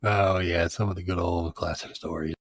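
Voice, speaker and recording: Deep flat-voiced man, dry room. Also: normal speed, no room sound. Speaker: podcast co-host, corrections officer. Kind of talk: casual chat.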